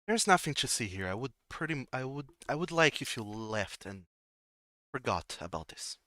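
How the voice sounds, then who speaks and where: A man's voice: medium pitch, animated, moderate pace, bright, forceful tone, no echo, studio quality. A man voicing a stern, indignant noble lady in a tabletop game, giving clipped, commanding orders.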